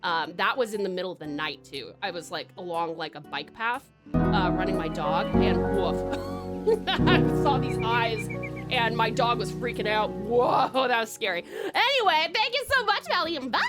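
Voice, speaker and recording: A woman's voice: mid-range voice, lively intonation, moderate pace, loud music behind the voice. A young woman streamer chatting casually as she reads viewer comments, laughing often and talking with lots of fillers. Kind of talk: casual live-stream chat, reading comments.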